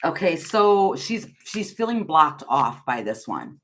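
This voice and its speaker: A woman's voice: low voice, very animated, unhurried, rough recording. A woman doing a casual tarot reading, musing aloud in a hesitant, giggly way with many restarts. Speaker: tarot reader.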